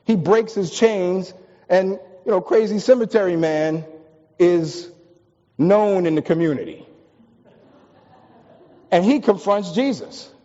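A pastor from the East Coast preaching a sermon, telling stories with humor and building to emphatic peaks. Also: male voice, high-pitched, slow, pauses often, dark tone. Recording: long reverb, dull lo-fi sound.

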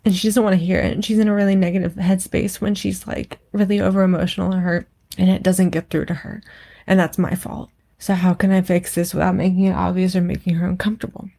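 A woman in her thirties with a slightly low voice talks openly in an unscripted conversation. Her speech is emotional and loose, full of "like" fillers and offhand swearing. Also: level tone, fast, gravelly, dark tone. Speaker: podcast co-host. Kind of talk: candid personal conversation.

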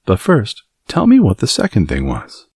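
Reading an audiobook, a man voices a spoiled, sickly rich boy who talks in a grand, commanding, eager way. His natural voice is fairly low, but he pitches it higher and exaggerates it, with wildly swooping pitch at normal speed. The tone is a little mellow and slightly rough, recorded dry in a clean studio.

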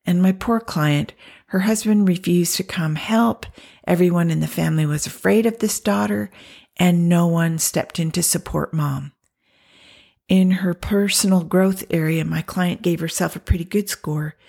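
Woman, counselor telling a story, husky voice, gravelly edges, soft near-whispered asides. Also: fairly low pitch, normal speed. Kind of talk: storytelling talk.

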